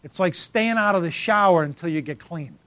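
A man's voice: on the high side, expressive, moderate pace, a bit bright, no echo. A man preaching a sermon as pastor, emphatic and repetitive, calling out congregants by name.

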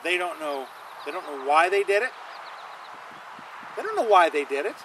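A male pastor delivering a sermon in a high, bright voice. He leans hard on key lines, repeats them for weight, and draws the congregation in. A faint hiss of noise sits underneath. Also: very animated, moderate pace, poor audio. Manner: emphatic, repeats lines for stress, calls on the congregation.

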